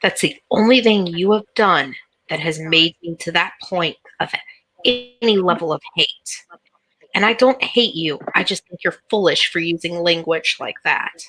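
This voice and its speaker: A woman's voice: lowish voice, a little slow, fairly bright tone, slightly rough, no room sound, poor audio. A woman playing a tabletop role-playing game, speaking bluntly and directly in character. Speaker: tabletop role-play player.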